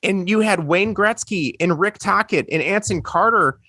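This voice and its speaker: Animated man. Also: high voice, moderate pace, no echo, clean studio sound. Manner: animated storytelling, acts out quotes. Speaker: podcast co-host. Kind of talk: casual sports chat.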